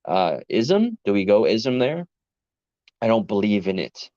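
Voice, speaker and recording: A man with a New York accent talks to his live chat late at night, tired after a long day at work, rambling earnestly and repeatedly cutting himself off. His low, warm voice is a little slow with big pitch swings, and the recording is dry, dull, and lo-fi.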